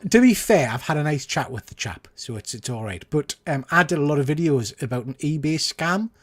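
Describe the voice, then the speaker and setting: A man's voice: fairly high pitch, animated, brisk. A man co-hosting a casual comics chat show, rambling and correcting himself as he talks. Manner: chatty, rambling, self-correcting. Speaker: podcast co-host.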